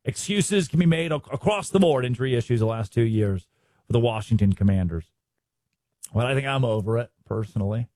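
A man hosting a sports talk show, giving animated, opinionated commentary and mocking the people he talks about. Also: medium pitch, a little fast, no room sound. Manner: animated, mocking impressions of others.

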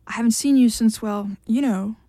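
A woman's voice: a little high, normal speed, warm tone, no echo, clean studio sound, close to an everyday voice. A woman reading as a pouting, pleading husband. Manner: insistent, wounded. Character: pleading, pouting married man.

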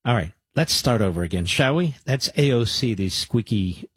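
A man's voice: mid-range voice, expressive, moderate pace, husky, no room sound. A man hosting a talk radio show, combative and sarcastic, with rambling asides to his producer.

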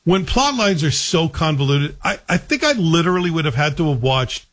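A man's voice: a little high, expressive, fairly quick, a bit bright. A man talking casually about a TV series in a chatty, wry way, asking rhetorical questions. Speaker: TV reviewer. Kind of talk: casual spoken TV review.

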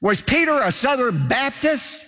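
A man's voice: extremely high pitch, big pitch swings, unhurried, sharp tone, big-room sound. A man preaching a sermon as pastor, emphatic and repetitive in his delivery.

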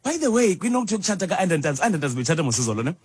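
Husky, animated man. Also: high-pitched, racing, dry recording. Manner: animated, teasing, laughing, mixing languages. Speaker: radio host. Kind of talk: casual chat.

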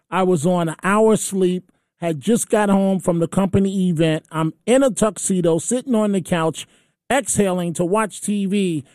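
A man's voice: high voice, darkish tone, dry recording, clean studio sound. A man hosting a call-in radio talk show, telling a personal story in a chatty, emotional way. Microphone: studio microphone.

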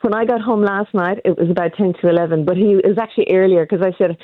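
A woman's voice: mid-range voice, fairly even intonation, fast talker, dry recording, phone-quality sound. An Irish woman calling in to a radio show, chatting cheerfully and laughing easily. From Ireland. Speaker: caller. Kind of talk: casual phone-in chat.

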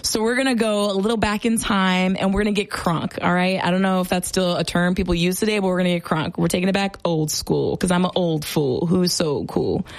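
A young woman hosting a radio show, chatting excitedly about her weekend in a casual, storytelling way. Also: medium pitch, quick pace, few pauses. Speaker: radio host.

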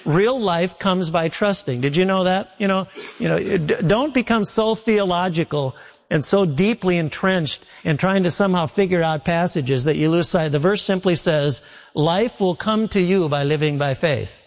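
A man preaching a sermon as a pastor, telling folksy stories and slowing down on key words for emphasis. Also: high-pitched. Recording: long reverb of a large hall.

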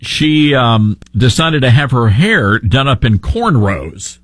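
A man's voice: mid-range voice, sing-song, slow, no room sound. A middle-aged man hosting talk radio, opinionated, sarcastic and joking. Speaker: radio talk show host.

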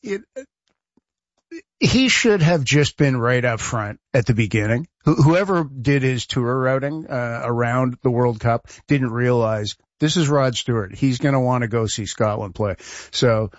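Radio co-host dude, chatty and laughy, dry close mic, a bit muffled. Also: male voice, medium pitch, measured pace, no echo. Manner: chatty, laughing, ranting playfully. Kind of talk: casual talk radio banter.

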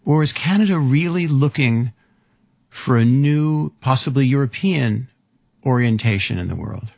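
A man interviews his guest in a husky, gravelly voice that moves a lot in pitch. He asks long, searching questions and often restarts. The sound is dry and muffled. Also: lively intonation, a little slow, darkish tone, no echo. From lives in New York.

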